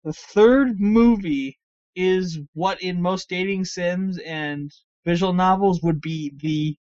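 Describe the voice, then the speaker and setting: Excitable podcast host tripping over words, dry lo-fi sound. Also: mid-range voice, slow pace, no room sound. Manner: excitable, stammers and restarts. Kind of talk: casual chat.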